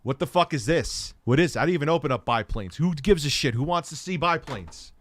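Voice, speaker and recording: Animated and brisk, with a voice on the high side, a middle-aged tech commentary host rants with sarcasm and plenty of swearing. He lurches from muttering to shouting.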